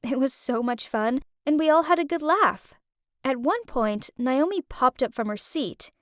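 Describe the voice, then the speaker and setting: A young woman narrating an animated story in first person, chatty and breathless. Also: high-pitched, measured pace, dry recording, studio quality.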